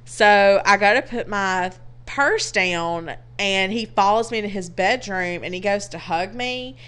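A woman in casual chat, telling a story in an animated, profane way and laughing often. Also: medium pitch, a little slow, clean tone. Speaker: podcast co-host telling a dating story.

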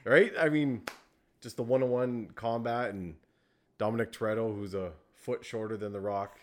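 Laid back guy, deepish voice, movie podcast chat, says yeah a lot. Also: steady tone, normal speed. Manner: easygoing, lots of agreeing yeahs. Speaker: podcast co-host. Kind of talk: casual movie review chat.

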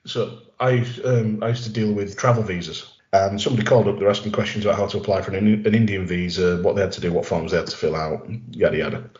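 A man's voice: sits low, fairly even intonation, fast talker, hardly any pauses, darkish tone. A man, a podcast guest, telling long rambling stories with wisecracks in casual chat. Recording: roomy lo-fi audio.

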